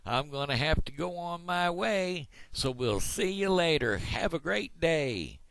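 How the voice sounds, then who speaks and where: Brief: man playing a chirpy boastful frog, high and slow-drawn, gravelly edge. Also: lively intonation, dry recording, heavily acted. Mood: cheery. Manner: loud, high and eager, drawn-out greetings. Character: chirpy boastful male big-mouth frog.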